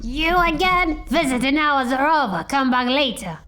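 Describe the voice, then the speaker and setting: A woman's voice: high-pitched, expressive, normal speed, bright, forceful tone. Woman doing a curt grumpy bird jailer.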